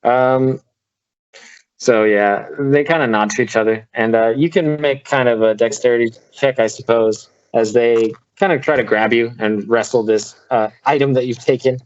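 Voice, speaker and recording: A man's voice: medium pitch, normal speed. Man running a casual tabletop game, lo-fi. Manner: casual, hesitant with fillers. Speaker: game master.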